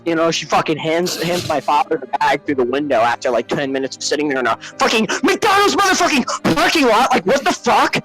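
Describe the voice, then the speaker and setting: A man telling a comic story, profane and exaggerated, swinging from hushed murmurs to shouted rants. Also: on the high side, very animated, brisk, few pauses, faint music behind, rough recording. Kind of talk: comedic storytelling.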